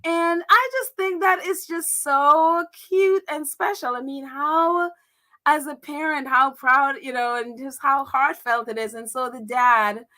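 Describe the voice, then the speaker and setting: A chatty middle-aged woman hosts a casual livestream from her own channel. Her voice is bright and a little high, and she talks loosely with plenty of fillers and quick laughs. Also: steady tone. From United States. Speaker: livestream host.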